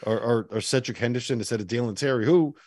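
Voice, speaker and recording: A man's voice: mid-range voice, fast talker, a little mellow, no room sound, studio quality. A man hosting a college basketball podcast, making emphatic points and leading into breaks. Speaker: podcast host. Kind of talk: casual sports podcast chat.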